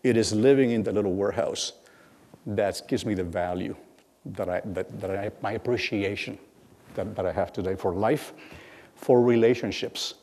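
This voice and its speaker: A middle-aged man giving a lecture as guest speaker, telling stories with halting repeats and acting out bits of dialogue. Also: lowish voice, mellow. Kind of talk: lecture storytelling. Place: lecture hall. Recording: long hall reverb.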